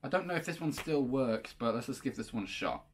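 A man hosting a prank-call video, chatting casually and excitably between calls. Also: mid-range voice, background noise. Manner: excitable, exclamatory, quick to laugh. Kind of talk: casual vlog chat.

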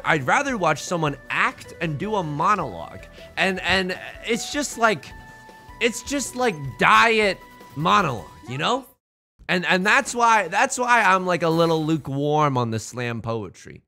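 Bright, lively-voiced young man streaming. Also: sits high, unhurried, vocal fry, soft background music. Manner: rambling, jokey, restarts phrases, swears. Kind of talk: casual livestream chat.

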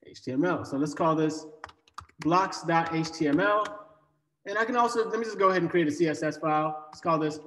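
A man's voice: fairly high pitch, brisk, a bit bright, a little hiss or hum. A man teaching a live online coding class in a casual, joking way, with many fillers and restarts. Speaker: coding bootcamp instructor. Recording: echoey room with long reverb.

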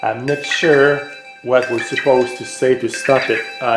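A man in a casual product demonstration, relaxed and explanatory, pausing on hesitant fillers. His voice sits at an ordinary middle pitch. The sound carries a roomy echo from an indoor room. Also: music in the background. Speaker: tech vlogger.

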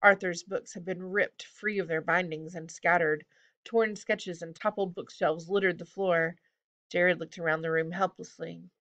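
A woman narrates a children's fantasy book in a steady, even manner. Her voice sits a little low but sounds bright and crisp. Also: moderate pace, muffled recording. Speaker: audiobook reader. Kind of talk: storybook narration.

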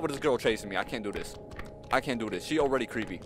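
Here a gaming channel host, a man with a mid-range voice and lively intonation, talks fast through horror game commentary. Jumpy and panicked, he begs and argues with the monster on his tail while game music plays.

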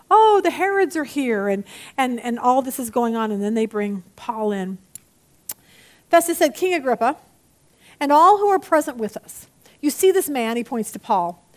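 Animated high-voiced woman teaching Bible study. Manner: animated, chatty, acts out quoted voices.

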